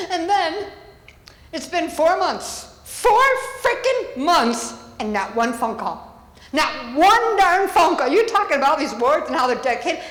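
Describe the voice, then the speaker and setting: A grieving woman speaking at a public meeting, tearful and angry, her voice breaking as she talks. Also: high-pitched. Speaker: public commenter. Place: village board meeting hall. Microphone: podium microphone. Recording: echoey hall, long reverb.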